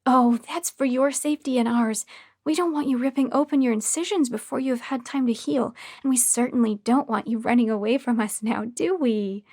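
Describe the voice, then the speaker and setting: A woman's voice: fairly high pitch, normal speed, a little mellow. A woman voicing a sweet but creepy, falsely motherly female caretaker who speaks in a chirpy sing-song way in a horror audiobook reading. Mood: sugary menace.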